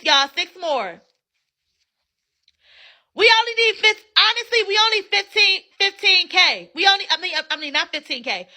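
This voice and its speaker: High bright brash livestream host woman. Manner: brash, hypes viewers for gifts, frequent cussing. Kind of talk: casual livestream chat. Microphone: phone.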